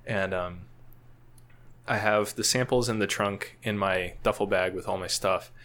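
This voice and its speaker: A man's voice: lowish voice, steady tone, unhurried, fairly bright tone. A man guesting on a podcast, telling a casual story full of fillers and frequent laughs. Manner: rambling, laughs often, many fillers. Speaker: guest, field scientist.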